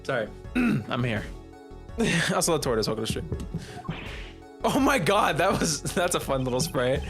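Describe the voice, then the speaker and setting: A man's voice: fairly high pitch, very animated, moderate pace, long pauses, a bit bright, faint music behind. A man chatting casually on a game stream, joking and self-deprecating. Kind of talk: casual gaming stream chat.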